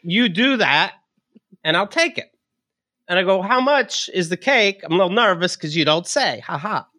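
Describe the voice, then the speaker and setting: A man's voice: sits high, moderate pace, no room sound. A man, a podcast co-host, telling a comedic story, laughing often and acting out the other people's lines. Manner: animated, laughs often, acts out dialogue.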